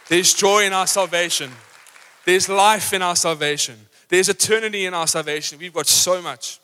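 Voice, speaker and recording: Bright high-voiced preacher. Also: male voice, normal speed, a faint crowd. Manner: energetic, rousing, acts out examples. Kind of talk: live sermon. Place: church auditorium. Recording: live church hall reverb.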